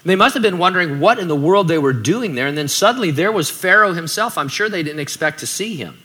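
A man's voice: high-pitched, lively intonation, quick pace, pushed and bright, breathy edge. A man preaching a sermon in a conversational way, with joking asides. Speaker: pastor.

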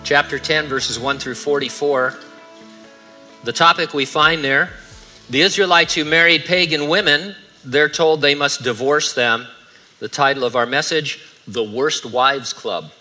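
Male pastor, middle-aged, conversational sermon, bright tone, dry wit. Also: on the high side, a little slow, soft background music. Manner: conversational preaching with dry asides.

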